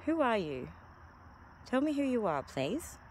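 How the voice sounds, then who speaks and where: A woman's voice: fairly high pitch, big pitch swings, unhurried, a little hiss or hum. A woman paranormal investigator outdoors in a cemetery, asking spirits polite, coaxing questions. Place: outdoors in a cemetery beside a road. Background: cars passing faintly.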